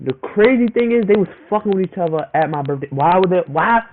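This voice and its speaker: A young man with a fairly high voice rambles through a personal story in heavy slang and circles back over the same phrases. His voice pops up high when he quotes people. The sound is thin and phone-like, with a faint hiss under it. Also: fast talker. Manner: rambling and repetitive, slangy, animated when quoting others. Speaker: vlogger telling a personal story. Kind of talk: casual storytime monologue. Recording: tinny phone-like audio with faint noise.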